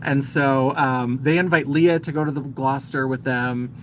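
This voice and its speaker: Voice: medium pitch, fairly even intonation, normal speed, slight background noise, rough recording. A man hosting a live stream, casually retelling a film's plot in a chatty, filler-heavy way and greeting viewers as he goes. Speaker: host.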